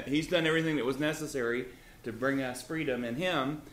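A man's voice: medium pitch, fairly quick, a bit bright, roomy sound. A man leading a Bible study, explaining and reading scripture in an earnest, conversational way. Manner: earnest, repeats words, reads scripture aloud.

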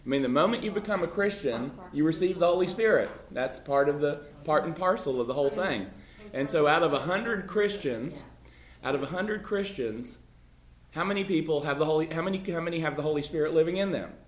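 A man's voice: fairly high pitch, fairly quick. A man leading a casual Bible class, talking emphatically with many restarts and "you know" fillers. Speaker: Bible study teacher. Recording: echoey room.

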